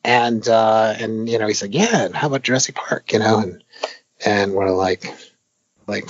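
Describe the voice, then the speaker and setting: Older game-designer guest, husky low voice, rambling and filler-heavy, dull lo-fi audio. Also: male voice, a little slow, dry recording. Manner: rambling, many fillers, animated retelling of anecdotes. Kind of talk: casual interview talk.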